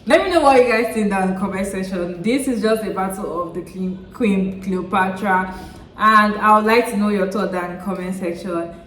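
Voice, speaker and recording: A woman host closes out her video in a friendly way and asks viewers to comment and subscribe. Her voice is mid-pitched, and a roomy echo surrounds it. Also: normal speed, fairly bright tone. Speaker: channel host. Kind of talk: video outro.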